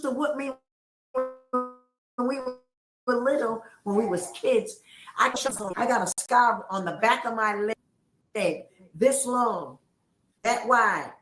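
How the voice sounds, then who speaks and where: A woman's voice: a little high, takes it slowly, pauses often. A middle-aged woman on a livestream, emotional and accusatory, repeating her points as she rants. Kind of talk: heated livestream rant. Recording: roomy echo.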